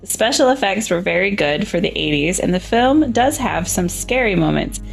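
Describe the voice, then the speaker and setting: A woman co-hosting a horror movie podcast, reading her review in relaxed casual chat and laughing often. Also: medium pitch, normal speed, creaky, faint music behind. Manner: giggly, relaxed. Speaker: podcast co-host.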